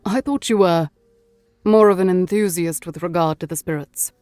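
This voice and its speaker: A woman voicing a calm, steady Victorian husband who speaks in a measured, reassuring way. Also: lowish voice, no room sound, soft background music, lightly acted.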